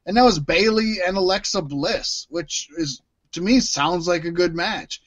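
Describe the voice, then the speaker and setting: A man's voice: sits high, a little slow, fairly bright tone. A man co-hosting a wrestling podcast, chatting casually and bluntly, with frequent swearing. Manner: opinionated, swears, restarts sentences. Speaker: podcast co-host. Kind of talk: casual chat.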